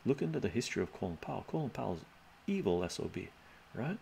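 A man's voice: on the low side, sing-song, quick pace, vocal fry, mellow, slight background noise. A man live streaming and answering his chat in a loose, rambling way, often tagging his points with "right?" and chuckling.

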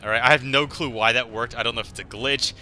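A man narrates his gameplay in a loose, joking way, wandering off into stories. His voice is very bright and tense, at an ordinary pitch. Faint music plays behind him. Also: steady tone, fast talker. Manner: rambling, joking storyteller. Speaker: gaming commentator. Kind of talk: casual gameplay commentary.

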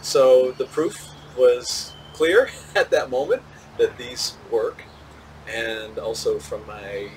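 A man, a physicist, answering interview questions in a measured, thoughtful way, with small laughs and restarts. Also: mid-range voice, a little mellow, far from the mic, slight background noise, poor audio. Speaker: physicist and solar cooker tester, interview guest.

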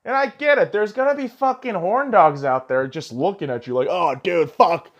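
A man's voice: high voice, expressive, a little fast, muffled recording. A young man hosting a solo podcast, ranting profanely and arguing back at himself. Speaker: podcast host.

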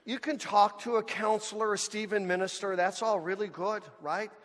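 A man preaching a sermon as pastor, animated and speaking to the congregation as folks. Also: high voice, normal speed. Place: church sanctuary. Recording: church hall with long reverb.

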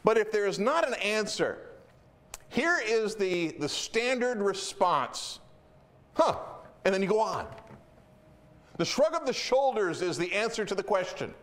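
A middle-aged man preaching a sermon as pastor, telling stories in an animated, emphatic way. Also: high voice, a little slow.

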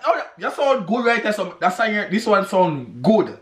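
A Jamaican man reacting to music on his vlog, talking excitedly, shouting exclamations and repeating phrases fast. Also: high voice. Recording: echoey room with music playing.

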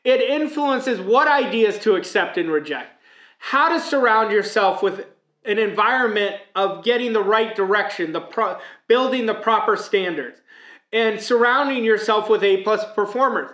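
A man's voice: high-pitched, moderate pace, fairly bright tone. A man giving a motivational speech as a mindset coach, emphatic and preaching, with many rhetorical questions. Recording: echoey room.

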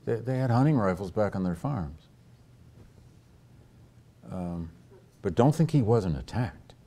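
Taking questions from a lecture hall audience, this historian speaks in a very low, warm, animated voice. His delivery is thoughtful but full of hesitations and restarts as he reasons his way to each answer.

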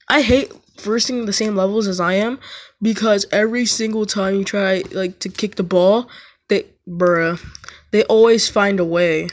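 Young woman gamer, unhurried slangy commentary, mid pitch, bursts of yelling. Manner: slangy, says "bruh" often, sudden excited yelps. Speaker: gaming YouTuber. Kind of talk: casual gameplay commentary. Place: home.

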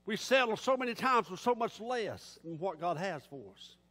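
Man, pastor, impassioned folksy sermon, very high voice, long echoing church reverb. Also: animated, normal speed, bright, forceful tone. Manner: impassioned, folksy preaching with casual grammar. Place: church sanctuary.

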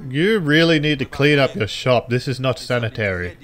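Goofy man yelling over a game. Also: mid-range voice, animated, normal speed. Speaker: puppet character gameplay commentator. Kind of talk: comedic gameplay commentary.

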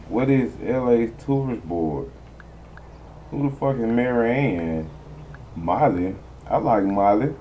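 Low-voiced man in casual, profane game chat. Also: mellow, slight background noise, rough recording. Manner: profane, rambling, talks to viewers. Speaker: gaming streamer. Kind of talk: casual gameplay commentary.

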